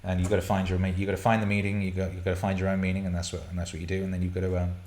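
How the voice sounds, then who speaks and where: A man's voice: low voice, monotone, racing, a little mellow. A man hosting a casual live stream, reading chat questions and rambling, swearing and laughing often. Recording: roomy echo.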